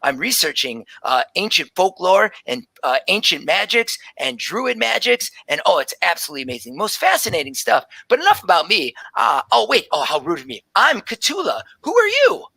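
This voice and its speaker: A woman voicing a giddy, excitable female cat-folk druid scholar who gushes and exclaims constantly. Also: lowish voice, moderate pace, creaky, few pauses, husky, no echo, voice pushed up, heavily acted. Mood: excited. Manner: gushing, breathless, constantly exclaiming.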